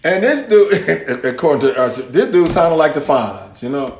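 A man's voice: on the high side, moderate pace, few pauses, reverberant. A man preaching a sermon, telling a story and acting out the voices of the people in it. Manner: animated storytelling, acts out quoted voices. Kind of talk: sermon illustration.

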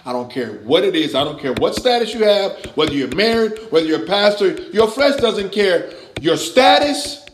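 A man preaching with a fairly high voice that rises to emphatic peaks and drops to low asides. The room around him is roomy and echoing. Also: moderate pace, a little hiss or hum. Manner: animated preaching, swings from loud to quiet. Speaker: pastor teaching a Bible class. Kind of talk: sermon.

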